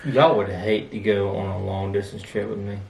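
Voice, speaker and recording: A man's voice: lowish voice, steady tone, normal speed, gravelly, darkish tone, distant mic. A man co-hosting a podcast in casual chat, giving short laid-back replies. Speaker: podcast co-host. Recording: echoey room, off-mic.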